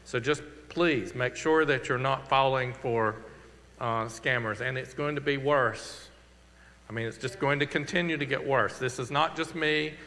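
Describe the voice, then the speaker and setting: A man's voice: mid-range voice, fairly even intonation, pushed and bright. A man with a Southern accent, a pastor giving earnest, conversational church announcements and a closing prayer. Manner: earnest, conversational, slowing for emphasis. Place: church sanctuary. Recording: long reverb of a church hall.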